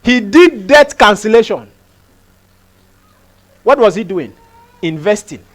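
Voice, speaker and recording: A man's voice: sits high, big pitch swings, slow pace. A male pastor, preaching a sermon emphatically, repeating phrases and asking rhetorical questions.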